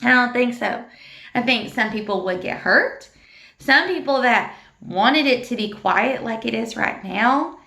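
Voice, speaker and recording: Bright-voiced woman teaching young children. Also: fairly high pitch, creaky. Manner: encouraging, slow and sing-song when reciting with the class. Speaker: teacher leading a school devotional. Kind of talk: recorded classroom lesson for children. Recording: echoey room.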